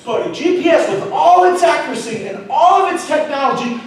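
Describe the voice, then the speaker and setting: High-voiced pastor preaching in an echoey hall. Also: male voice, normal speed. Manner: storytelling, animated, shifts between loud emphasis and soft asides. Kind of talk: sermon. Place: church auditorium. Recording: echoey hall, mic at a distance.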